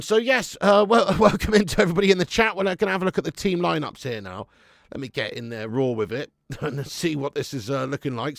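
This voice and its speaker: Gravelly football fan host. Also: male voice, on the high side, dry recording, clean studio sound. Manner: loud banter, swears, reads out chat messages. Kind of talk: live football watch-along chat.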